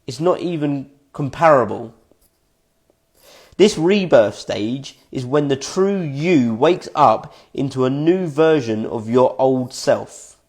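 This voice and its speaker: A man's voice: medium pitch, animated, slow, darkish tone. A man reading his own written notes aloud in a casual vlog, reflective and swearing freely, often breaking into helpless giggles. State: fits of giggling. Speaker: vlogger.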